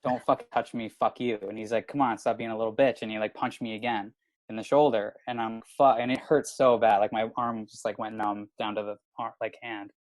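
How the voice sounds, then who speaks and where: A man's voice: lowish voice, a little fast, no echo, rough recording. A man in his thirties from Canada, a comedian telling a rowdy story in casual podcast chat, swearing and saying "like" constantly. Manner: animated, swearing, lots of filler "like". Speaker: comedian guest.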